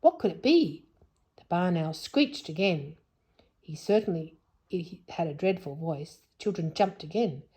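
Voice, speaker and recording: Husky woman reading a storybook aloud. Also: sits low, measured pace, mellow. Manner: adds whispered asides to a child listener. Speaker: storybook reader. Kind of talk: reading a children's book aloud.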